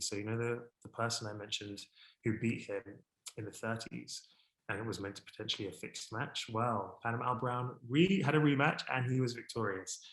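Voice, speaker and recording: A man giving a history talk, expressive and enthusiastic, lifting his voice when excited and reading a French poem aloud with care. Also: reverberant, low-quality recording. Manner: expressive, warm about his subject, rises in pitch and volume when excited. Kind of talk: presentation to an online audience.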